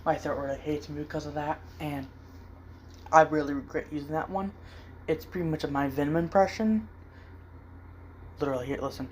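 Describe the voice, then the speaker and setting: A man's voice: on the high side, a little fast, pauses often, noisy background. A man hosting a casual drawing vlog, rambling and hesitant with lots of fillers. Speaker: art channel host.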